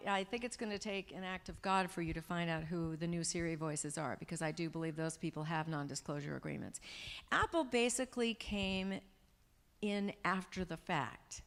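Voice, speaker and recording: In a large event hall, a low-voiced woman speaks as a guest at a Q&A talk, telling chatty, warm stories punctuated by laughs. The recording carries reverb from the live event room.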